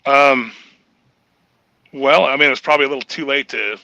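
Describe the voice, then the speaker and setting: A man's voice: medium pitch, moderate pace, creaky, bright, forceful tone, lo-fi sound. A man telling a crude, joking story on a casual livestream panel. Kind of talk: casual chat.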